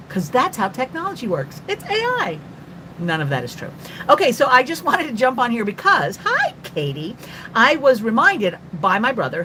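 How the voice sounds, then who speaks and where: Lively chatty older woman streaming. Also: mid-range voice, slight background noise, rough recording. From North Carolina, USA. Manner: chatty, rambling, greets viewers by name; talkative and quick after coffee. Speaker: artist hosting a live stream. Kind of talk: casual live-stream chat.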